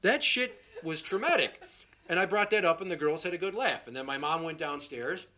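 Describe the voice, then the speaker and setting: A man's voice: on the high side, animated, brisk, bright, forceful tone. A middle-aged man doing a stand-up set, telling a profane, exasperated story and acting out the quotes. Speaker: stand-up comedian.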